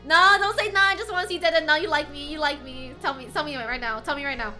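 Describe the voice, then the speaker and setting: High, bright-voiced young woman streamer. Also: fast, faint music behind. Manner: bubbly, swings between soft and loud excited. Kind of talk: casual chat with viewers.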